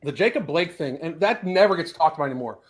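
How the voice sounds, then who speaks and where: A man's voice: on the high side, expressive, fast talker. A man from the South, hosting a casual podcast and ranting with heavy profanity. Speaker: podcast host. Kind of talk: casual rant chat.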